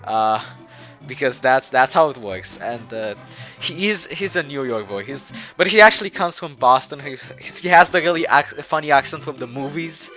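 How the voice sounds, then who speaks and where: A man's voice: mid-range voice, lively intonation, moderate pace, sharp tone, soft background music. A man presenting his game project in a loose, rambling way, full of fillers and restarts, often chuckling. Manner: chuckling, offhand. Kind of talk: joking game showcase.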